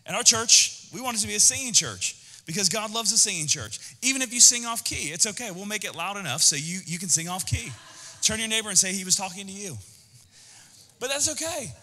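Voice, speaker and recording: Bright, high-voiced man preaching in a hall. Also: brisk. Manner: energetic, conversational preaching with asides to the congregation. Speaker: pastor. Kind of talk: sermon.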